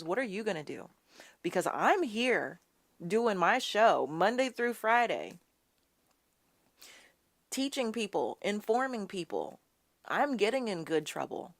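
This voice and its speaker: A woman's voice: mid-range voice, big pitch swings, measured pace, long pauses. A woman hosting a live political talk show, ranting with passion, calling her viewers y'all and sassily mocking the people she quotes. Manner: impassioned, ranting, addresses audience as y'all; quotes and mocks opponents in a sassy tone. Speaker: host.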